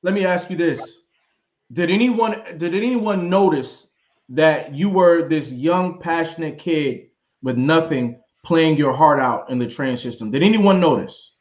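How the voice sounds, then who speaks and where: High-voiced energetic male host. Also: a little slow. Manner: energetic, hyping the audience. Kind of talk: livestream interview hosting. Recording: roomy, dull lo-fi audio.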